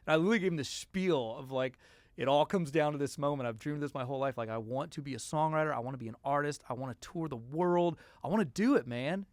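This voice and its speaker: A man's voice: a little high, fast, no room sound. A man, a songwriter guest, telling stories in a casual interview and acting out the voices of the people he quotes. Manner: animated, acts out quoted voices.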